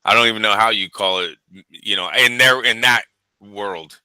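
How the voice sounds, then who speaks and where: A man's voice: fairly low pitch, normal speed, bright, forceful tone, smooth, no echo, poor audio. A man co-hosting a boxing talk show, chatting casually in an emphatic, teasing and opinionated way. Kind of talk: casual chat.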